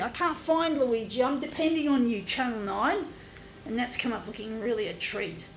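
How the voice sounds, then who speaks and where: A woman's voice: a little high, normal speed, a little hiss or hum, poor audio. An Australian woman in her fifties talks in a rambling monologue, often stumbling, correcting herself and swearing. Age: 50s. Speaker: artist. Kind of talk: rambling monologue to camera while designing a graphic.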